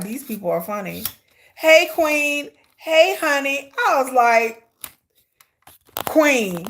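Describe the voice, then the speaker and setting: A woman hosts a live stream in casual talk, her voice high and bright. She gossips straight to her viewers, animated and often breaking into laughter. She is recorded on a phone or camera set on a tripod. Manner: animated, laughing, shrieks and squeals names at the screen.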